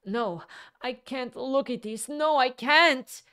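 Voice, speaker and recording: A woman voicing a hysterical young female secretary, shrill, tearful and frantic, in a storybook reading. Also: measured pace, smooth, lightly acted. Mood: distraught.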